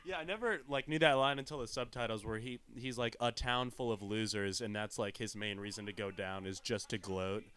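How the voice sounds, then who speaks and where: A man guest on a podcast in casual chat, relaxed and rambling. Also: fairly low pitch, brisk, hardly any pauses.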